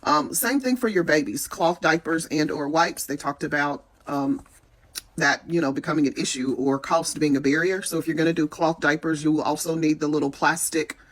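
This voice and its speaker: A woman speaks straight to her viewers in a relaxed, unscripted way. She is frank and earnest and tends to ramble, pausing often as she gathers her thoughts. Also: low voice. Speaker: vlogger giving preparation tips. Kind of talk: casual talk to camera.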